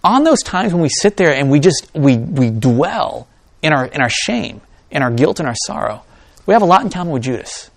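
Animated male pastor preaching. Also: a little high, normal speed, vocal fry, dry recording. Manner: reads scripture aloud, then talks to the congregation in an animated, joking way. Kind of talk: sermon.

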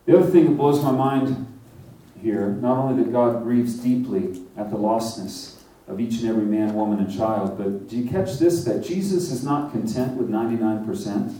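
Man, preacher, sermon, mellow tone, conversational, questions to the crowd, heavy room echo, distant mic. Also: medium pitch, normal speed. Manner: conversational, asks the crowd questions, acts out short quotes.

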